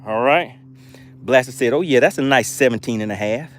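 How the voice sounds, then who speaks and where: A man hosting a live fishing stream from a boat, excitedly commenting and reading chat messages aloud. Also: mid-range voice, brisk, a little hiss or hum. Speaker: fishing livestream host.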